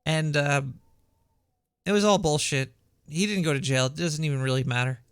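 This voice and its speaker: A man voicing a paranoid cartoon rat host with a shrill voice and a Brooklyn accent, rambling conspiratorially with many stumbling restarts. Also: steady tone, moderate pace, clear, resonant tone, no room sound, clean studio sound, close to an everyday voice. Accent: Brooklyn New York. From Brooklyn, New York. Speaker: podcast host. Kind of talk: rambling comedic monologue. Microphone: home setup.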